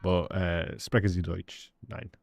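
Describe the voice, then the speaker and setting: Chatty English male game streamer, low voice, dry close-mic home setup, lots of laughs. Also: fairly even intonation, unhurried, vocal fry, no room sound. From England. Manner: chatty, laughs often, calls viewers mate. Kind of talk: casual live-stream chat. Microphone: studio dynamic microphone.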